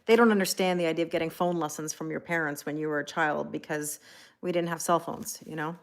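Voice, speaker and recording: A woman's voice: low-pitched, fairly even intonation, fast talker. Woman chatting on a live tarot stream, rambly, lots of um and like, thanks folks by name. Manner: frequent fillers and self-corrections. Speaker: tarot reader.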